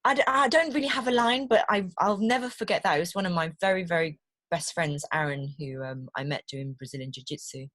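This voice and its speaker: Lively British woman voice actor. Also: fairly low pitch, fairly quick, dry recording. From Britain. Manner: animated storyteller, laughs easily, repeats words when starting. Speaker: voiceover artist guest. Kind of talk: casual interview chat.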